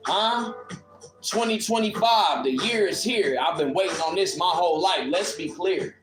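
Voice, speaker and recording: High-voiced guy going off on a live stream, preachy and cussing, echoey room w/ beat playing. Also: normal speed, music in the background. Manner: fiery, preachy, profane and confrontational. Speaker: livestream commentator. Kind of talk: impassioned live rant. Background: instrumental beat playing.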